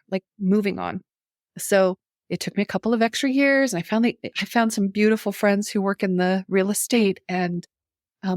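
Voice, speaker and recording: A middle-aged woman appears as a podcast guest, animatedly telling a personal story in casual conversation, acting out her own reactions and laughing often. Her voice is medium-pitched, and the recording is dry and studio quality.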